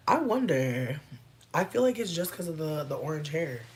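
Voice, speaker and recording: A woman chatting casually on a livestream, reading and answering comments in a playful, laid-back way with plenty of swearing. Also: deep voice.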